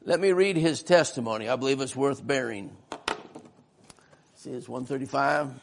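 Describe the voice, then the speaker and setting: A man's voice: mid-range voice, normal speed, gravelly, slight background noise. A man preaching a sermon-style history lesson in a church, folksy and often asking the congregation questions.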